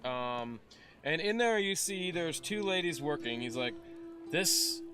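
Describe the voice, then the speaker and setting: A young man narrating as game master, chatty and animated, restarting his sentences often. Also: fairly high pitch, unhurried, over music.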